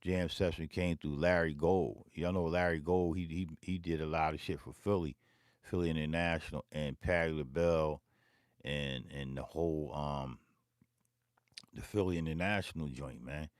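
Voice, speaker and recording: A man's voice: extremely low pitch, fairly even intonation, moderate pace, no room sound. A man telling a long, rambling, profane story in his home music studio, repeating himself as he goes. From Philadelphia. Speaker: beatmaker and vlog host. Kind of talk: casual storytelling to camera.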